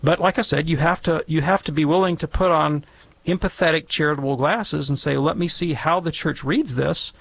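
A man's voice: a little high, fairly quick, vocal fry, fairly bright tone, dry recording. A man speaking as a guest theologian on a call-in radio show, lecturing in an academic, wry way.

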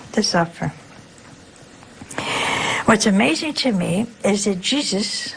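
Her mid-range voice has a creaky quality as this older nun talks conversationally to the sisters she leads about religious matters. She's chatty and frequently poses rhetorical questions to them. There's a little hiss or hum on the rough recording.

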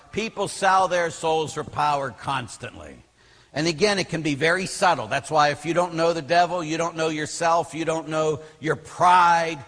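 A middle-aged Catholic priest from Pittsburgh delivers a storytelling sermon in a husky but bright, rather high voice. He's an animated storyteller who acts out quotes and uses lots of fillers, and the long reverb of a church hall surrounds his words.

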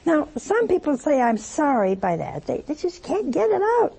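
A woman's voice: high voice, big pitch swings, moderate pace, vocal fry, dark tone, rough recording. A woman giving a spiritual talk in a conversational, storytelling way with touches of humor. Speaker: religious speaker.

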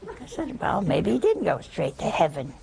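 A woman's voice: mid-range voice, wildly swooping pitch, normal speed, vocal fry, warm tone, husky, rough recording. A woman preaching a sermon in a folksy, teasing way, often asking her listeners questions.

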